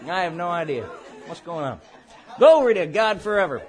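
A man preaching a charismatic sermon at a church service, laughing through his words in an animated, playful way. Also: high-pitched, moderate pace, a faint crowd.

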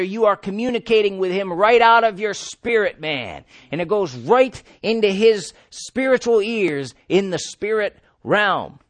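A man's voice: sits high, fairly bright tone, no room sound. A man preaching a sermon emphatically, asking his listeners questions and answering them himself, with the odd chuckle.

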